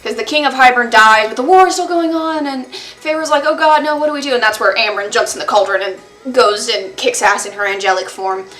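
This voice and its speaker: A woman with a slightly high voice talks through a book review in a chatty, sarcastic way, full of quick asides. Her voice carries a noticeable echo from the room around her. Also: fairly bright tone. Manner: chatty and sarcastic, recounts plot with quick asides and mock-dramatic quotes. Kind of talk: casual book review monologue.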